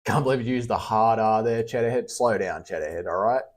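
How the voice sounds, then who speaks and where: A man's voice: lowish voice, brisk. A young Australian man casually chatting on a livestream, reading out and answering chat messages with blunt, teasing, sweary banter.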